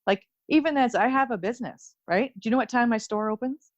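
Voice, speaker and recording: A woman's voice: fairly high pitch, brisk, no room sound, muffled recording. Blunt, laughing Ontario woman on a podcast. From Ontario, Canada. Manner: blunt, profane, laughs often. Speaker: guest, intuitive medium and Reiki teacher. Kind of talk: casual podcast conversation.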